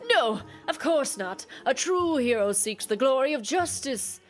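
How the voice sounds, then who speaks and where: A boastful, cowardly young male knight, as a woman puts him on, talks up heroes and princesses in grand old-fashioned phrases, then stammers out excuses. The voice sits rather high for a man. Faint game music plays beneath. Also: animated, a little slow. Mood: pompous.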